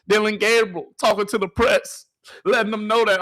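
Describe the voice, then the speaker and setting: A man's voice: high voice, fairly even intonation, normal speed, sharp tone, dry recording. A man runs casual sports commentary over practice clips. He talks straight to his viewers in a hyped, slangy way, repeating his lines for effect. The recording is dry and close. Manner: hyped, repetitive, slangy delivery addressing viewers.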